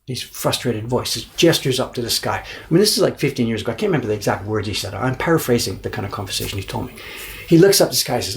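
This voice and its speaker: A middle-aged man casually telling an animated story on a livestream, repeating words for emphasis and acting out the people he quotes. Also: mid-range voice, fast talker, gravelly. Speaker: printmaker and livestream host. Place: indoor workshop.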